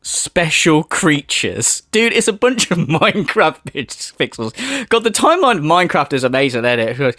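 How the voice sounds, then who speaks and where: A man's voice: on the high side, big pitch swings, normal speed, few pauses, sharp tone, no room sound, clean studio sound. A man on a livestream giving sarcastic, profane, ranting commentary. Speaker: streamer.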